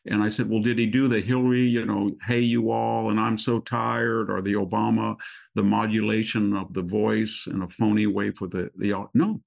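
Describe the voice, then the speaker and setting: An older man, a guest commentator, telling stories in a political talk show conversation and quoting others in animated asides. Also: fairly low pitch, a little fast, gravelly.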